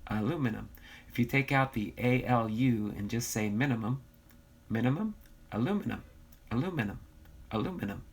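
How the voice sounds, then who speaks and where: A man's voice: mid-range voice, lively intonation, moderate pace, pauses often, breathy edge. An American man hosting a casual livestream, reading viewer comments aloud and bantering, with a slightly nasal voice. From United States. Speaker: livestream host.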